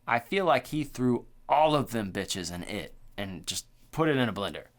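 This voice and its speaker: Animated, foul-mouthed podcast host man. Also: medium pitch, normal speed. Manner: animated, profane, full of "like" and "dude". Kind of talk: casual chat.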